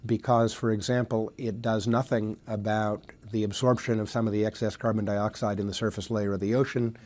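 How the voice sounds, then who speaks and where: A man explaining climate science in a measured, halting way, with frequent pauses and fillers. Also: on the low side, a little mellow. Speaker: speaker in a played clip.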